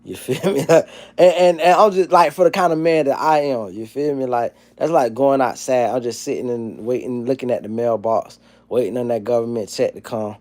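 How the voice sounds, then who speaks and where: Rambling, profane man in his forties. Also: moderate pace. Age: 40s. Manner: rambling, profane, swings from low mumbles to loud animated rants. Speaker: livestream host. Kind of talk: casual livestream chat, reading chat comments.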